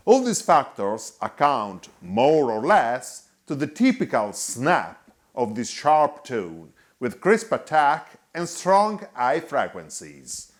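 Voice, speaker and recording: A man narrates a scripted guitar review voice-over in a measured, explanatory manner. He talks slowly and keeps his pitch moving up and down.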